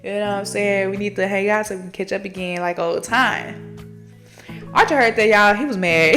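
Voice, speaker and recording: A woman's voice: mid-range voice, animated, brisk, fairly bright tone, faint music behind. A woman hosting a book podcast, recapping a story in a casual, slangy, profane way and talking straight to her listeners. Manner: chatty, slangy and profane, addresses listeners directly.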